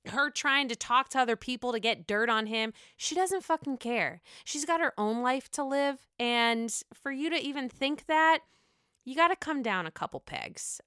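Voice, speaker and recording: A woman podcast host, swearing freely as she dishes on reality TV in casual, emphatic chat. Her voice is bright and crisp, a little higher than most, recorded dry and close. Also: dry recording. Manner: gossipy, profane and emphatic.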